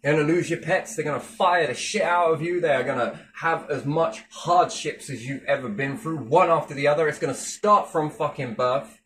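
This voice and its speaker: A man's voice: a little high, normal speed, a bit bright. Sarcastic, sweary man ranting. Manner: mocking, sweary, with big sarcastic swings in tone. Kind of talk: sarcastic monologue rant.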